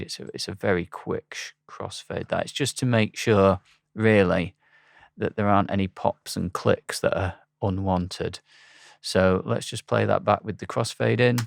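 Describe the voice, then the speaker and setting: A man talking through a software tutorial in a relaxed, halting way with frequent pauses and ums. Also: on the low side, creaky, no echo, studio quality. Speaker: instructor. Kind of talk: screen-recorded software tutorial.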